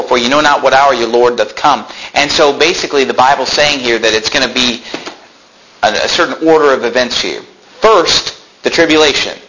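Male preacher in a sermon, sharp and forceful, reads scripture aloud with loud emphatic bursts. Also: fairly high pitch, a little hiss or hum, rough recording. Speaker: pastor.

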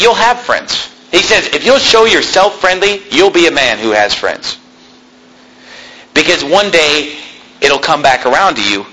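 Animated, bright-voiced man preaching. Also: slight background noise, low-quality recording. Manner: animated, jokey, acts out quoted people in a high voice. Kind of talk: sermon.

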